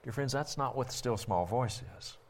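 A man Bible teacher giving a critical, sermon-style commentary, forceful and insistent and repeating his points for emphasis. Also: medium pitch, normal speed, a little hiss or hum.

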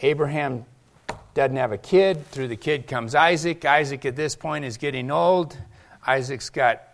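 Animated male preacher retelling a story. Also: mid-range voice, measured pace. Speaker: pastor. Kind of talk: sermon.

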